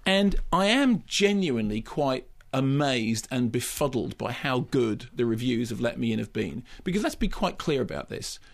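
A man's voice: medium pitch, lively intonation, normal speed, gravelly, few pauses. A man giving an impassioned, emphatic radio film review, often restarting his sentences. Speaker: film critic.

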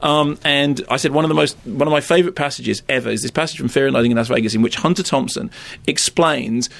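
A man's voice: mid-range voice, fast, creaky, fairly bright tone. A middle-aged man, co-hosting and rambling wryly through a film chat. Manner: rambling, digressive, wry. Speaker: film critic and co-host. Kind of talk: casual podcast chat.

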